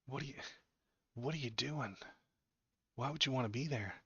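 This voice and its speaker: A man's voice: mid-range voice, normal speed, fairly bright tone, slightly rough, no room sound, lo-fi sound. A man hosting a casual political livestream, ranting with sarcastic, mocking disgust and chatting to his viewers.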